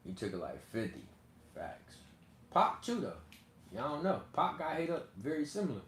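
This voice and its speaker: A man with talks loosely to his viewers, rambling and laughing as he goes. His voice sits mid-range for a man, and it carries in an echoey room with a faint hiss behind it. He sounds unscripted and relaxed. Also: mid-range voice, moderate pace. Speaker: channel host. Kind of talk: casual commentary to viewers.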